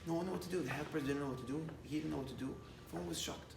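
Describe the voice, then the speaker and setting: Animated preaching man in an echoey room. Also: a little high, very fast, vocal fry. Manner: animated, rising to loud emphatic bursts, many restarts. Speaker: rabbi. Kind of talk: sermon with storytelling.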